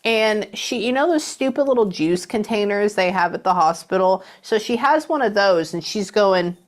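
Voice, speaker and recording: A woman's voice: mid-range voice, lively intonation, normal speed. A woman working as a medium, chattily relaying messages during a reading. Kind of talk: psychic reading session.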